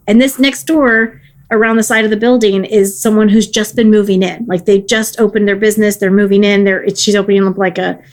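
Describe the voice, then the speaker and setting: A woman's voice: mid-range voice, level tone, fairly quick, darkish tone. A woman, co-hosting a podcast in casual chat, a little tipsy, chatty and giggly, trailing off mid-sentence. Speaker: podcast co-host.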